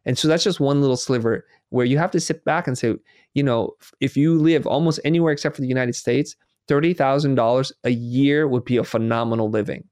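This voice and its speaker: A man's voice: mid-range voice, brisk, a little mellow, no echo, clean studio sound. A man being interviewed who talks earnestly, telling stories and quoting himself and others as he reflects. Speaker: guest.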